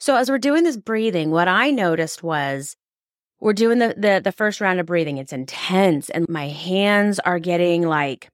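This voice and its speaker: A woman's voice: on the low side, expressive, measured pace, no room sound. A woman co-hosting a podcast, a psychotherapist telling a personal story in casual chat, candid and swearing freely, close to the mic.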